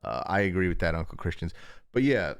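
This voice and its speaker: A man's voice: low voice, very animated, fairly quick, gravelly, clean tone, no echo, studio quality. A young man hosting a casual livestream from home, rambling along, chuckling and cutting himself off mid-thought. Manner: rambling, chuckling, self-interrupting. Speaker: livestream host.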